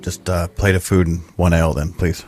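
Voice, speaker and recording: Deep-voiced man, joking player. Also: fairly quick. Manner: relaxed, joking. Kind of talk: casual game chat.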